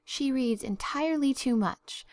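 A woman voicing a strict, composed mother who speaks in a formal, crisp, proper way. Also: sits high, measured pace, darkish tone, no echo, clean studio sound, pitched above the performer's own voice. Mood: firm.

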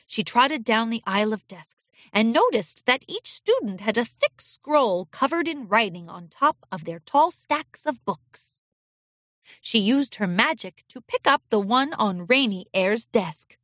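A woman narrating a children's storybook in an expressive, animated way. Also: fairly high pitch, unhurried, no echo, studio quality. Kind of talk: storybook reading.

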